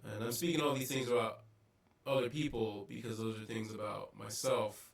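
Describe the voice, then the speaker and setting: A man with a lowish, gravelly voice talks through his thoughts in a casual vlog. He hesitates often, filling gaps with ums and starting sentences over. The audio is poor, as if the mic sits some distance away. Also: fairly even intonation. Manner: halting, many ums and restarts. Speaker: vlogger. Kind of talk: casual reflective monologue.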